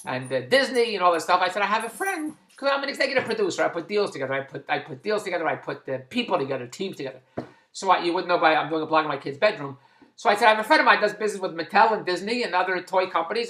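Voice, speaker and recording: Fast-talking excitable man in echoey room. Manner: chatty, digressive, excitable storyteller. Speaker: vlogger and TV producer. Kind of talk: rambling personal video blog. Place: his kid's bedroom at home. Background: dog squeaking a toy.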